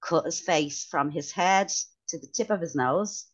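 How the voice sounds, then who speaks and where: Lower-voiced Irish mum, slightly muffled. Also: female voice, measured pace. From Ireland. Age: middle-aged. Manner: relaxed, lots of "like" fillers, dry humor. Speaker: podcast co-host. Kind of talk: casual chat.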